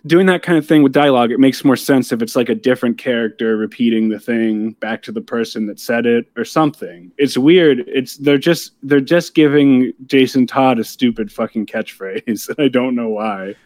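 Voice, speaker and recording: A man's voice: medium pitch, steady tone, normal speed, hardly any pauses, a little mellow, no room sound. A man co-hosting a podcast, giving blunt, dry criticism of a TV episode and swearing casually. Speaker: podcast co-host. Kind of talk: casual chat reviewing a TV episode.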